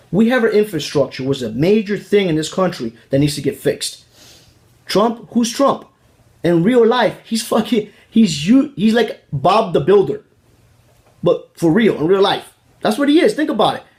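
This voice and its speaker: A man with a rather high voice delivers a casual political rant as host of his own show. He talks heatedly and profanely, circling back to the same points again and again, and swears freely. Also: a little mellow. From Miami, Florida.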